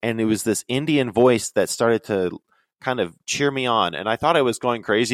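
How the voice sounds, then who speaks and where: A man telling stories in casual talk, rambling and animated, often dropping into quoted voices. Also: mid-range voice, normal speed, no echo. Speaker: podcast guest. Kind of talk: casual storytelling.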